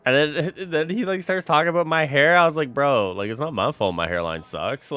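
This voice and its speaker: A man's voice: a little high, a little fast. A young man streaming, chatting casually with his audience, swearing a lot and calling everyone bro. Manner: animated, swears a lot, says bro constantly.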